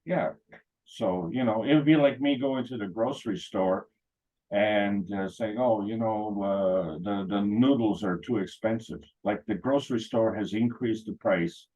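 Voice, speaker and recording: Low husky man, rambling anecdotes. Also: a little mellow, lo-fi sound. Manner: rambling, anecdotal, with frequent fillers and restarts. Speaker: meeting speaker. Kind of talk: casual talk.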